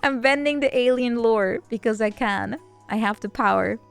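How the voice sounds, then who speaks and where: A woman's voice: a little high, normal speed, vocal fry, clear, resonant tone, faint music behind. A woman streamer chatting casually, rambling and joking and often breaking into laughter. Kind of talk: casual chat.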